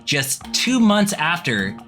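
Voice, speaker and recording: A man's voice: a little high, very animated, slow, sharp tone. Guy hosting a podcast quiz, laid back, jokey, voice bounces around a lot, music in the background. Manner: laid-back, joking quizmaster. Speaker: podcast host running a quiz. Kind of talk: casual podcast chat.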